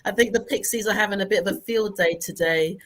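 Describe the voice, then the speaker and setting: A woman's voice: mid-range voice, quick pace. A British woman hosting an online talk show over a video call, bubbly and playful, laughing often. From Britain. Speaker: host.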